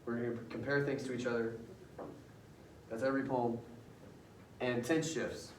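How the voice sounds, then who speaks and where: A man's voice: medium pitch, flat delivery, moderate pace, slight background noise. Brief: man teaching a class, chatty and questioning, heard from across an echoey room. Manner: conversational, quizzes students with questions. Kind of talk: classroom lecture. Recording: roomy classroom audio from far off.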